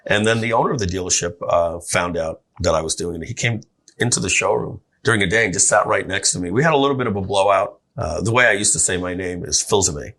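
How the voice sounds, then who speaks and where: A man telling his story as a podcast guest, animated and full of restarts. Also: deep voice. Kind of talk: storytelling in a casual interview.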